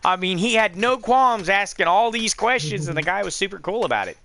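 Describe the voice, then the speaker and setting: Bright, high-voiced man telling stories. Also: lively intonation, fairly quick, slight background noise. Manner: rambling storyteller, swearing, acting out quoted voices. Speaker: game streamer. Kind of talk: casual chat on a live stream.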